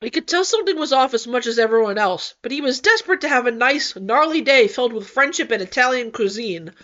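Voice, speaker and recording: A woman with a fairly high voice narrates a fan-written story as an audiobook, lively and comic in her delivery. The recording sounds dull and lo-fi. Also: fast talker. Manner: expressive, comic. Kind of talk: audiobook fanfic reading.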